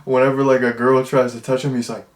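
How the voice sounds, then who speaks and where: A man's voice: mid-range voice, flat delivery, quick pace. A young adult man giving a casual, rambling movie review, amused and chatty.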